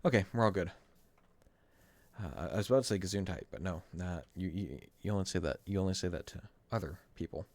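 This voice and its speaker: A man's voice: sits low, fast talker, darkish tone, dry recording. A man streaming a game, talking through his moves in a rambling, wry, self-correcting way at his desk microphone. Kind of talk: casual gameplay commentary.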